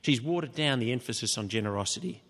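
A man preaching an expository sermon, changing his pitch and loudness for emphasis. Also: animated, fast. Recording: long hall reverb.

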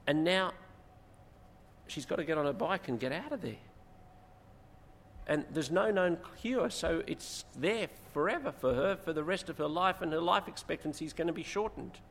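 Male preacher, slightly high voice, expository sermon, echoing hall. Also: moderate pace. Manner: expository, rises in emphasis, animated retelling. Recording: long hall reverb, faint noise.

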